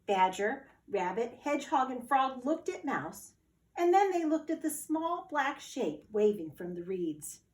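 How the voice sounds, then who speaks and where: A woman, a teacher, reading a children's storybook aloud in a slow, expressive way. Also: high voice, roomy sound.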